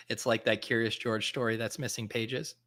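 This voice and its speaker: A man's voice: medium pitch, fairly bright tone. A man in his thirties hosting a live stream in casual chat, thinking aloud with lots of fillers and restarts. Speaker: fantasy football podcast host.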